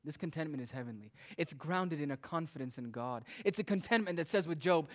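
A man's voice: on the high side, lively intonation, a little fast, hardly any pauses. A man preaching a sermon with emphatic, rising and falling delivery. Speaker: pastor.

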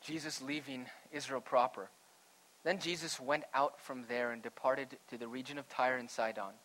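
A male pastor preaching a sermon, going from hushed, slow lines to loud, emphatic ones. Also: mid-range voice, poor audio.

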